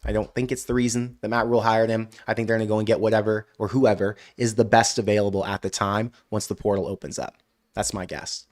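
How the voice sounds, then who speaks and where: A man hosting a live college football stream, reading viewer comments aloud and answering with animated rants. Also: on the low side, quick pace. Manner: ranting, animated outbursts; frequent "I don't know" hedging. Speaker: college football show host.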